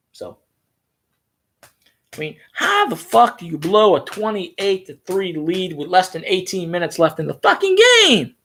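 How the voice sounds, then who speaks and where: A man rambling in a casual, profane, excitable monologue as a sports-fan vlogger. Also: high voice.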